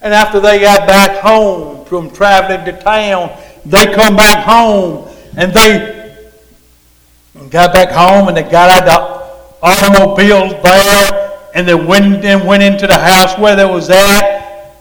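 A man's voice: high voice, fairly even intonation, takes it slowly, a bit bright. A man preaching a rambling sermon, his voice swelling and dropping as he repeats himself. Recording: reverberant hall.

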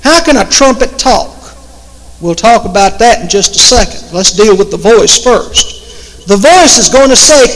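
A man preaching in a very high voice, drawing out his words slowly and with emphasis. He leans hard on the scripture he quotes. His voice rings through a hall with a long echo. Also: animated, fairly bright tone. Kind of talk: sermon.

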